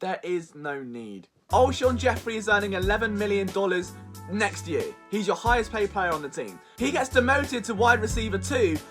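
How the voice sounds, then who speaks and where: A man's voice: high voice, animated, fairly quick, fairly bright tone, soft background music. Sarcastic young man ranting about sports. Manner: sarcastic, exasperated, mock-dramatic. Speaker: sports vlog host. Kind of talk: comedic sports rant to camera.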